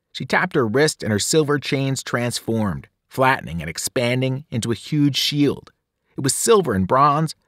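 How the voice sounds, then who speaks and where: A man, a teacher, reading a novel aloud in an expressive, dramatic way, sometimes dropping to a whisper. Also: mid-range voice, no echo, clean studio sound. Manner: dramatic, with whispered and shouted voices. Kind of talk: expressive read-aloud narration.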